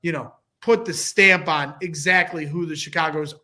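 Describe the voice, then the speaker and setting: A man's voice: a little high, steady tone, moderate pace, pushed and bright. A man appearing as a guest on a sports podcast, talking football in an emphatic, speech-like way. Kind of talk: casual sports talk.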